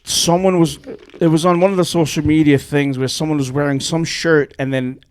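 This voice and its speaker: A man in casual podcast chat, blunt and swearing often, with quick reactions. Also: on the high side, steady tone.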